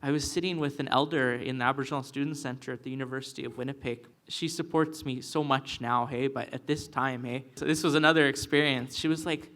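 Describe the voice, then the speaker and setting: A man's voice: fast talker, hardly any pauses. A man speaking on a panel, telling stories with animation and mixing in words. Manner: animated storyteller, acts out quoted elders in high voices. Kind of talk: panel discussion.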